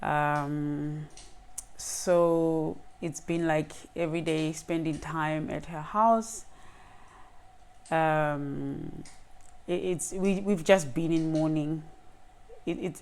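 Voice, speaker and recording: Slow, smooth-voiced woman vlogger. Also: sits low, darkish tone. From Lesotho. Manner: hesitant, with many fillers and restarts. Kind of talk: casual talking-to-camera vlog.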